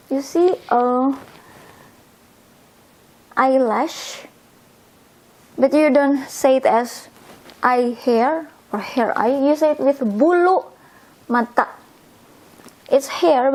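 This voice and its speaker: A woman's voice: sits high, darkish tone, poor audio. A woman with an Indonesian accent, a native Indonesian speaker, patiently explaining vocabulary in a casual video lesson and pointing to body parts as she goes. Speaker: language teacher.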